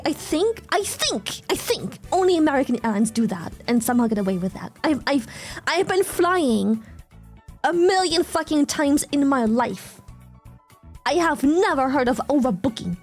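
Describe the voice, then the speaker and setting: High-voiced excitable woman streamer. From Germany. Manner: excitable, swears freely, animated storytelling. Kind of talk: casual chat.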